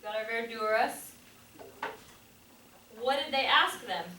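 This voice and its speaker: A woman teaching a class, upbeat and asking quick questions. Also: fairly high pitch, bright, forceful tone, a little hiss or hum. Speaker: Spanish teacher. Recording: echoey classroom from a distance.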